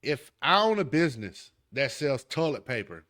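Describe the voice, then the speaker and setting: A man's voice: mid-range voice, sing-song, moderate pace, fairly bright tone. A man with a Southern accent hosting a podcast, delivering an emphatic, heated political commentary rant straight at the listener. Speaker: podcast host.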